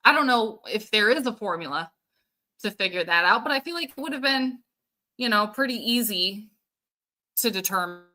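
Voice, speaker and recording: A woman's voice: medium pitch, lively intonation, normal speed, bright, forceful tone. A woman hosting a casual livestream, chatting and answering viewer comments while thinking aloud with plenty of fillers. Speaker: show host.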